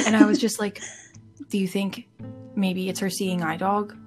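A woman's voice: mid-range voice, level tone, moderate pace, darkish tone, faint music behind. A young woman co-hosting a casual podcast, telling stories with a slight stutter on some words. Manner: giggly, chatty storyteller with a slight stutter on m-words. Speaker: podcast co-host.

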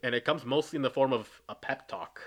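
A man's voice: mid-range voice, fairly quick. A man co-hosting a podcast, casually recapping a film in a laid-back, profane way and laughing often. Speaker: podcast co-host.

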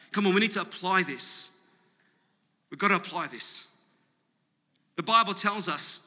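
A man's voice: on the high side, bright, forceful tone. A man preaching a sermon as pastor, building to rising, emphatic calls to the congregation. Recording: long hall reverb.

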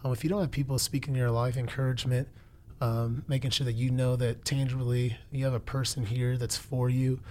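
A man's voice: mid-range voice, little pitch movement, a little fast, darkish tone, a little hiss or hum. A man in his twenties sharing a faith testimony in conversation, earnest and preacherly, repeating phrases for emphasis. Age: 20s. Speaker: guest.

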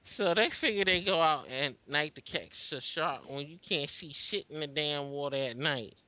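Higher sharp-voiced guy cracking blunt jokes, lo-fi dull sound. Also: moderate pace. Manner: blunt, wisecracking. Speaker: friend watching a movie. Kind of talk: casual chat. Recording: dull lo-fi home recording.

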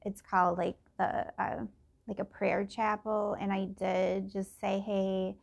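A woman's voice: mid-range voice, little pitch movement, takes it slowly, creaky. A middle-aged woman thinking aloud in a casual personal podcast, meandering and full of fillers and restarts.

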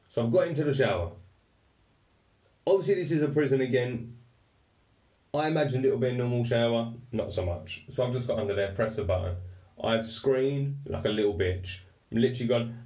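A young man tells a story in a loose, animated, self-mocking way. His voice sits at an ordinary pitch for a man. The mic is some way off, so the sound is roomy and echoey. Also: normal speed, far from the mic. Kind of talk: casual anecdote telling.

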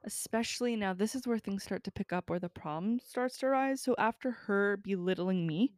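Young woman telling a lively, profane story. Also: medium pitch, brisk, no room sound, studio quality. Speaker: podcast co-host telling a story. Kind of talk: casual chat.

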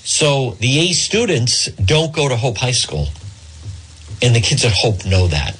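A man's voice: mid-range voice, very animated, measured pace, a bit bright, a little hiss or hum, rough recording. A middle-aged man from Rhode Island hosting a talk radio show, telling a rambling, digressive story in a monologue.

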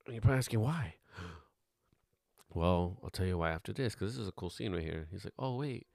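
A man's voice: low-pitched, expressive, fairly quick, creaky, darkish tone. A man giving a casual, rambling film commentary as host, offhand and swearing now and then.

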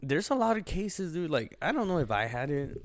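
A young man telling a profane, animated story in casual podcast chat, often laughing as he talks. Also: on the high side, a little fast, a little hiss or hum. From Los Angeles. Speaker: podcast co-host.

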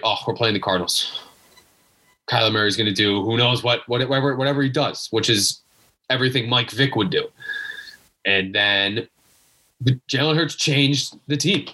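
A young man with a husky, bright-edged voice rants as a guest fan in a casual chat. He sounds exasperated and emphatic and circles back to the same points. His voice sits a little above the usual male range. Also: a little high. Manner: exasperated, emphatic, repeats himself. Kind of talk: casual rant.

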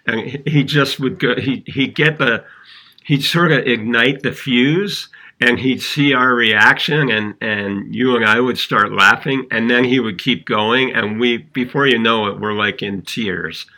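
A man co-hosting a podcast, chatting casually and telling stories in an animated way. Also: mid-range voice, unhurried. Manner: animated storyteller, chuckles while recounting funny stories. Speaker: podcast co-host. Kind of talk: casual conversational podcast chat.

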